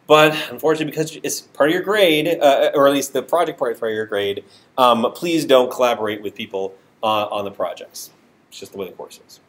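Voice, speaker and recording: A man's voice: medium pitch, a little fast, a bit bright. A man with a nasal voice giving a university programming lecture in a classroom, talking informally with many fillers and self-deprecating asides. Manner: filler-heavy, self-deprecating, restarts often. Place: classroom with hard walls.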